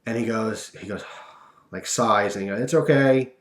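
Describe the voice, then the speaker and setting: A man's voice: fairly low pitch, level tone, moderate pace, a bit bright, roomy sound. A young man telling a funny personal story in a casual, rambling way, with lots of fillers and asides.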